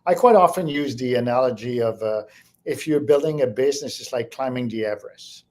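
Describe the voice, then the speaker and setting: A man's voice: mid-range voice, brisk. French Canadian man, reflective entrepreneur. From French-speaking Canada. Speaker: guest, entrepreneur. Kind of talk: interview answers.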